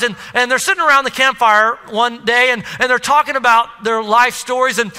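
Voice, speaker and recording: Preacher, male, lively storyteller with a very high, bright voice, echoey sanctuary sound. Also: clear, resonant tone. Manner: animated storytelling, addresses the crowd. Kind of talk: sermon. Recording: echoey hall.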